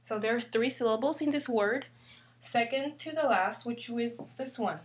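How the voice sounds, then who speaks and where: A woman's voice: fairly high pitch, moderate pace. Patient woman teaching a language lesson. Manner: patient, repeats and spells out examples. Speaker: Spanish teacher.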